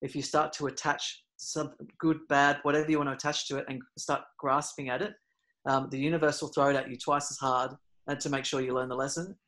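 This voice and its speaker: A man at a middle pitch, talking as a podcast guest in a loose, rambling way. He fills his sentences with ums and restarts. At the tense moments his voice gets louder and more animated. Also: a little fast. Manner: rambling, many fillers and restarts; gets loud and animated retelling scary moments. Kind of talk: casual storytelling.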